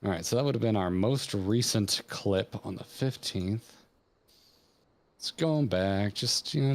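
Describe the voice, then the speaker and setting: A man's voice: on the low side, unhurried. A man casually talking over a video game story with his co-host, reading its dialogue aloud and puzzling over it. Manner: reads game dialogue aloud, then muses over it thoughtfully. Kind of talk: casual gaming stream chat.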